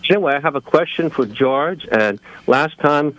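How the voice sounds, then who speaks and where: A man's voice: fairly high pitch, moderate pace, fairly bright tone, poor audio. Friendly rambling male radio caller. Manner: rambling, friendly, many fillers. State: under the weather.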